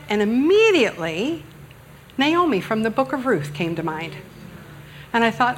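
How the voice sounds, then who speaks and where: A woman's voice: on the high side, very animated, normal speed, long pauses, a little hiss or hum. Chatty, joking woman preacher. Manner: humorous, self-deprecating, chatty with the congregation. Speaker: guest speaker preaching at church. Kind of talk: conversational sermon. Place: church sanctuary.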